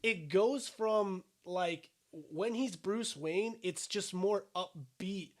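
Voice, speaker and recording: A man co-hosting a podcast in casual chat, blunt and quick to argue, swearing freely. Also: sits high. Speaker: podcast co-host.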